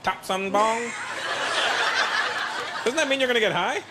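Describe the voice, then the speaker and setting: A man's voice: sits high, unhurried. A man performing stand-up, teasing an audience member with playful crowd work. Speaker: stand-up comedian. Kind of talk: stand-up routine. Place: comedy stage before a live audience. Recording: live show with loud crowd and noise.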